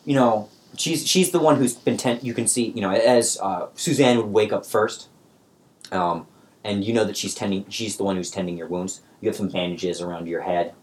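A man's voice: fairly low pitch, darkish tone. A man narrating as game master for a tabletop game, talking in a loose, rambling way. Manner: loose and rambling, many fillers and restarts.

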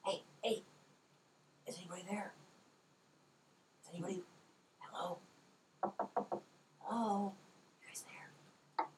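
A man doing a hushed, nervous female goblin matriarch in whispered role-play, speaking through a door in a raised, breathy voice that keeps faltering. She sounds wary and eager to bargain, pitched noticeably higher than his own voice. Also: fairly even intonation, slow, pauses often, distant mic, low-quality recording. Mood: urgent whisper. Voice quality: whispery, hesitant.

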